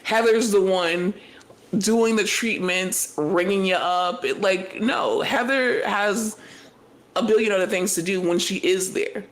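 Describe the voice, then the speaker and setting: Animated, profane woman co-host. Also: mid-range voice, measured pace, low-quality recording. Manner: animated, profane, tells story in bursts. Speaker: podcast co-host. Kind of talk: casual recap chat.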